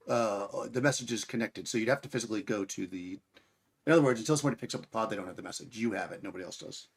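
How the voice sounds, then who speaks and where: A man's voice: lowish voice, racing, a little hiss or hum. A man running a tabletop game as game master, explaining rules and correcting himself as he goes.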